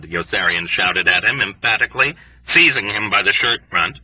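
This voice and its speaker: Husky-voiced male audiobook narrator. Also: on the low side, normal speed, pushed and bright, no echo, far from the mic. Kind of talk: scripted narration. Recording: dry, dull lo-fi recording.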